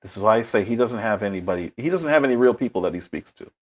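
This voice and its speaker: Male livestream host, husky, lively and punchy commentary. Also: rapid-fire. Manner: animated, emphatic, with big pitch swings.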